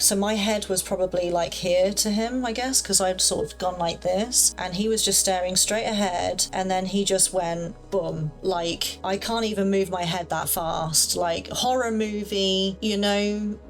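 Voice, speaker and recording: A woman's voice: mid-range voice, steady tone, unhurried, hardly any pauses, soft background music. A young woman casually telling a personal story in a chatty, rambling way full of fillers. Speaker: paranormal storyteller.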